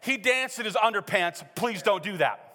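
A middle-aged male pastor preaching a sermon in a church, animated and joking, acting out quotes as he tells stories. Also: high voice, normal speed. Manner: animated, joking storyteller who acts out quotes. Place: church sanctuary. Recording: hall reverb.

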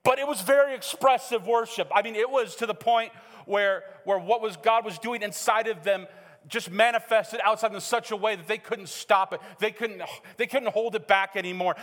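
Animated middle-aged pastor in a reverberant hall. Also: male voice, sits high. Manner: animated, joking storyteller who acts out quotes. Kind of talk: sermon. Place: church sanctuary.

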